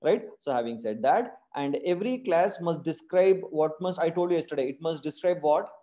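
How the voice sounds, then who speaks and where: A man's voice: fairly high pitch, expressive, moderate pace, mellow. A man with an Indian English accent teaching a live online programming class, who keeps quizzing his students with repeated questions and tag questions. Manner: calls his class "my dear friends".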